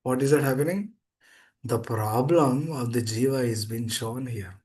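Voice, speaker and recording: A man's voice: medium pitch, unhurried, a little mellow. A man giving a scripture class, emphatic and repetitive, speaking over a video call. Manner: repetitive, emphatic, pleading "please understand". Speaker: preacher.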